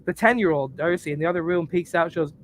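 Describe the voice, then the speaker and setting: A man's voice: fairly high pitch, fast, a little hiss or hum. Crude, joking man telling stories on a podcast. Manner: crude, joking storyteller who laughs at his own stories. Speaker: podcast co-host. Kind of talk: casual chat.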